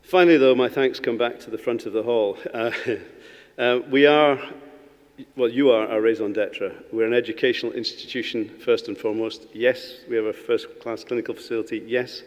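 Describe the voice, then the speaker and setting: Man, lower voice, college leader at a graduation, humorous rambling delivery, long hall reverb. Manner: warm, self-deprecating, rambling with fillers and restarts. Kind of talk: ceremonial speech with anecdote. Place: large hall.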